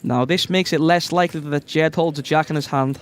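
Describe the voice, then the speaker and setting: A man with a Scouse accent giving live poker commentary on a stream, excitable and quick to shout when big cards fall. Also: on the high side, slight background noise.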